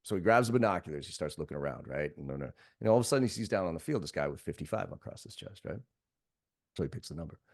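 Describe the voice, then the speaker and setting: A man, a sales trainer guest on a podcast, talks bluntly and swears freely while telling animated stories. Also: sits low, fast talker. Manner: blunt, profane, animated storyteller. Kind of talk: podcast conversation.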